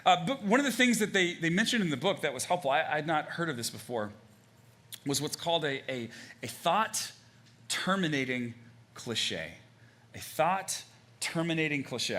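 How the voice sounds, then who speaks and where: A young adult man preaching a sermon as pastor, conversational and animated, with frequent fillers and restarts. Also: a little high.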